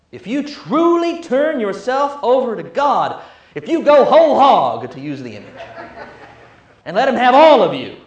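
A man preaching a sermon, emphatic and building through repetition, then dropping to a hush. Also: high-pitched. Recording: echoey room.

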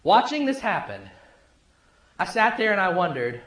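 A male pastor preaching a sermon, telling a story conversationally and dropping low and soft for emphasis. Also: very animated, moderate pace, pauses often. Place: church sanctuary. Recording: echoey church room.

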